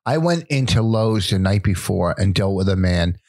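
A man's voice: low voice, animated, normal speed, darkish tone, dry recording, clean studio sound. A man in casual comedic banter, defending himself indignantly and laughing often.

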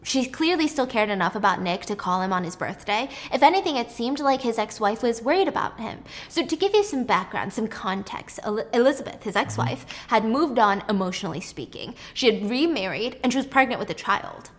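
A woman's voice: on the high side, brisk, hardly any pauses. Chatty young woman recapping a movie. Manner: chatty, joking, expressive. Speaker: vlogger. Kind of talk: casual movie recap while cooking.

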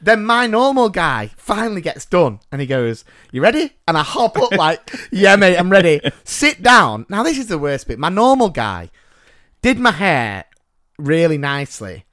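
A man's voice: on the high side, normal speed. A man co-hosting a podcast, telling a story in a casual, self-mocking way and often laughing. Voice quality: animated, self-mocking, laughs through his stories. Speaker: podcast co-host.

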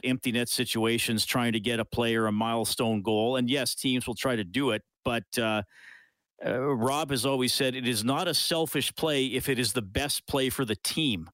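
In a radio studio, a man hosts a casual call-in sports talk show, reading listener messages aloud in a chatty way and laughing now and then. His medium-pitched, fairly bright voice is captured dry on a studio microphone.

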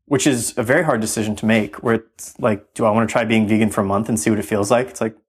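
A man's voice: on the low side, steady tone, fast talker, slightly rough. A man speaking as a podcast guest in a casual conversation, earnest and reflective, with many fillers.

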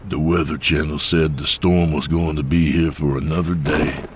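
A man narrating a horror story in a steady, measured way. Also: very deep voice, a little hiss or hum.

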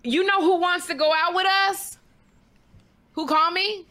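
A woman co-hosting a talk show in casual, animated chat, often laughing. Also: extremely high pitch, a little hiss or hum. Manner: animated, chatty, quick to laugh. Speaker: co-host.

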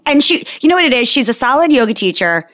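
A woman's voice: high voice, very animated, fast talker, fairly bright tone. A young adult woman co-hosting a podcast, talking in a chatty, casual way with lots of "like" and frequent laughter. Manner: chatty, many "like" fillers, laughs often. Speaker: podcast co-host. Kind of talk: casual chat.

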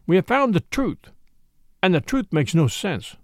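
A man reading aloud, voicing an excitable middle-aged priest detective who talks fervently in a raised voice. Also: unhurried, no room sound, studio quality, heavily acted. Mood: grave. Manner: fervent, raised pitch when preaching.

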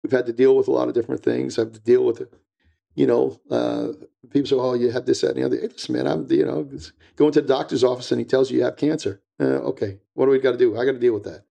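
An older man speaks as a podcast guest, his voice deeply gravelly and warm. He tells family stories in an earnest, reflective way, like a practiced public speaker, with an even, middle pitch. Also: fast talker, lo-fi sound. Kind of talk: casual podcast conversation.

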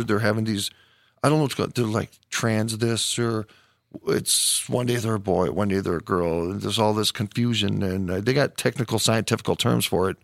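A man's voice: lowish voice, gravelly, dry recording, studio quality. A man hosting a podcast in casual chat, joking and laughing often. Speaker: podcast host.

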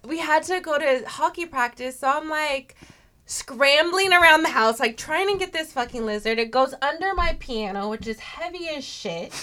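A woman's voice: sits high, expressive, moderate pace, sharp tone. A woman co-hosting a podcast, telling a comic story in casual chat with lots of swearing. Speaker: podcast co-host.

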